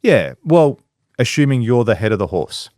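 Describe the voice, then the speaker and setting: A man's voice: mid-range voice, big pitch swings, normal speed, darkish tone, no echo, studio quality. A man on a casual podcast, a business owner who talks bluntly, swears freely and acts out quotes.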